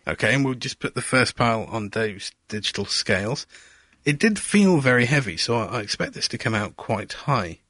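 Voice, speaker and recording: A man's voice: medium pitch, very animated, moderate pace, a bit bright, dry recording. Man, science show presenter, curious questioning, dry close sound. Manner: curious, asks leading questions, narrates each step. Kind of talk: hands-on science demonstration chat.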